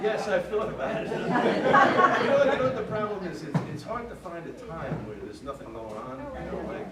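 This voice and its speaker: A man's voice: high-pitched, sing-song, moderate pace. A man, a chef, telling wry, joking stories to an audience in a large hall. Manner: wry, joking anecdote teller. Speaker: chef giving a lecture. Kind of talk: storytelling talk to an audience. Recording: echoey hall from far off with crowd.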